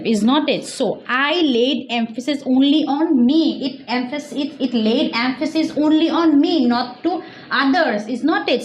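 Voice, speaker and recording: Woman, school teacher, slow deliberate delivery, checks understanding often, echoey room. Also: high-pitched, slight background noise. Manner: slow, repetitive explaining with frequent "okay", "clear?" checks. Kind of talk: classroom grammar lesson.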